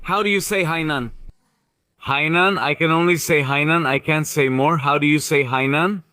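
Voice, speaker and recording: A man's voice: a little high, normal speed, sharp tone, clean tone, no room sound, studio quality. A man casually vlogging on a cycling trip, playful and chatty, joking with locals. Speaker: travel vlogger. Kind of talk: casual travel vlog chat.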